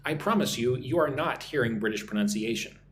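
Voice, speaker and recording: A man's voice: medium pitch, lively intonation, a little fast, a bit bright, a little hiss or hum. An American man in his forties, an English teacher hosting a live-stream lesson, chatting casually as he reads viewer comments aloud and answers them. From United States. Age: 40s.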